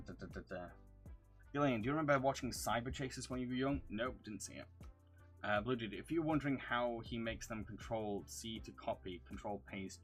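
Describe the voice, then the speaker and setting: A man with a mixed London and Yorkshire accent, casually answering viewer questions on a livestream. He talks in a crisp, over-enunciated way, reads questions aloud and hums to himself between them. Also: on the low side, a bit bright. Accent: mixed London and Yorkshire English. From England. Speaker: streamer answering chat.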